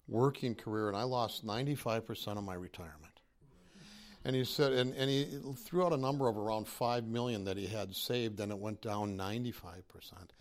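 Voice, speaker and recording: A middle-aged man shares a testimony with a church group, talking casually and rambling. His voice sits in a middle pitch, animated, with frequent restarts.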